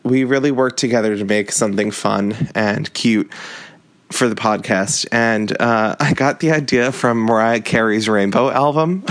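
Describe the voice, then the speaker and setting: A man's voice: lowish voice, measured pace. Chatty young podcast host, a man. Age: 20s. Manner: chatty and upbeat, with laughs and fillers. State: out of breath. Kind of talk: casual podcast chat.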